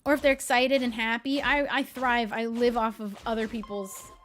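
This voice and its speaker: A young woman talks casually to her stream viewers in a slightly high voice. She laughs often between stories and delivers jokes in a deadpan tone. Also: normal speed, soft background music. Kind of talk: casual chat.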